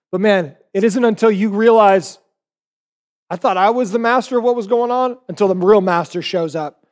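A man's voice: high-pitched, darkish tone. A man in his forties, a pastor preaching a sermon, telling stories animatedly and acting out the voices he quotes.

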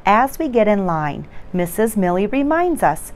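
A woman reading a children's bedtime story aloud in a gentle, unhurried way. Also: mid-range voice, big pitch swings.

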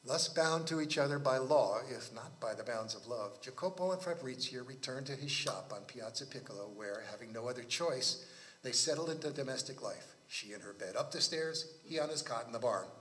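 A man reading his own novel aloud at a library book talk, in a measured storytelling cadence. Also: medium pitch, lively intonation, fairly bright tone, a little hiss or hum.

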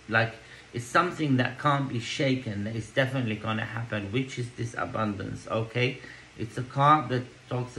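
A tarot reader gives a card reading to camera, reassuring the viewer and checking in with "okay?" and "yeah?" between thoughts, with "okay?" coming up often. His mid-range voice has a sharp tone. The rough recording carries a little hiss or hum.

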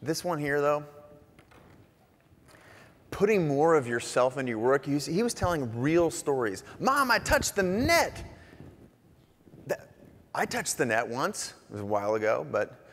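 A man giving a casual, animated conference talk on stage, joking and sometimes swearing as he goes. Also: mid-range voice, normal speed. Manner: casual, animated, jokey, swears now and then. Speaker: conference speaker, artist. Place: large conference hall on stage. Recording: long hall reverb.

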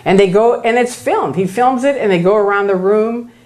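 A woman's voice: mid-range voice, normal speed. A woman giving a public talk, telling stories and acting out the voices of the people in them. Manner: animated, acts out voices of others. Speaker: guest speaker.

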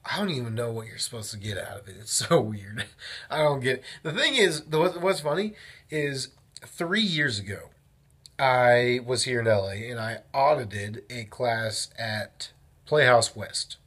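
A young man talking casually in his daily vlog, rambling and animated as he tells a story and often interrupts himself. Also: mid-range voice, measured pace, slightly rough. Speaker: vlogger.

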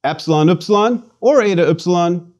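A man's voice: high voice, fairly quick, darkish tone. A man giving a scripted pronunciation lesson, patient and repeating words for the listener to drill. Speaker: language lecturer. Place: studio.

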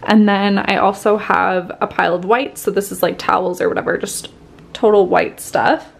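A woman talks through her cleaning routine in a casual, chatty vlog style, stacking up fillers as she explains each step. Her mid-pitched voice carries a gravelly, creaky texture, and she sounds slightly out of breath from working while she talks. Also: steady tone, normal speed. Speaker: home cleaning vlogger.

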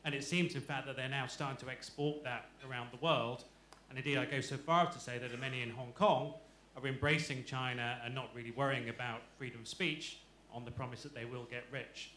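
A man in the audience asking a measured question at a talk, building his argument before the question. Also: mid-range voice, steady tone, sharp tone, slight background noise. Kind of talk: formal question from the floor. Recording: roomy hall echo.

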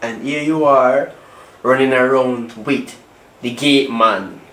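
An actor with a Jamaican accent playing a hurt, accusing husband, pleading and repeating himself. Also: male voice, mid-range voice, fairly even intonation, slow pace, bright, forceful tone. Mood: angry. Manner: pleading, repetitive, rising questions. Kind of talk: low-budget film acting. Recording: echoey room, faint hiss.

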